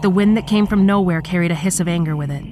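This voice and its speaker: A woman narrates a horror story in a steady, measured way, her voice sitting a little low. A clear noisy ambience runs behind her throughout. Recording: clear background noise.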